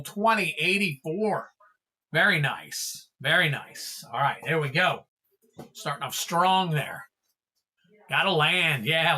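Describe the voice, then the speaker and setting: Bright-voiced man running a card stream. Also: fairly high pitch. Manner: upbeat, chatty, thanks viewers by name. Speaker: livestream card seller. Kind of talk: casual livestream chat.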